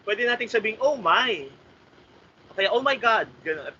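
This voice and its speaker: Over slightly muffled, faintly noisy video-call audio, a writing workshop trainer with a Filipino accent offers courteous feedback, switching between Tagalog and English. His voice sits high, expressive, pushed and bright, and he reads sentences out slowly.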